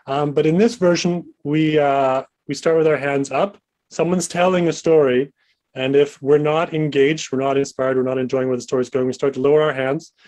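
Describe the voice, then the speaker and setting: A man's voice: on the high side, steady tone, moderate pace, darkish tone. Playful man telling a spooky story. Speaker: improv player. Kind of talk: explaining a game, then telling a spooky story.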